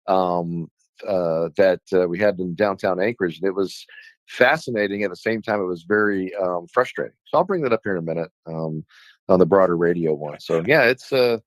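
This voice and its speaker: A man from Alaska speaks as a legislator guest on a radio talk show, his voice on the low side. He talks heatedly and with emphasis, venting his frustration. The sound is dry and close, with no room around it. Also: moderate pace, no room sound, poor audio.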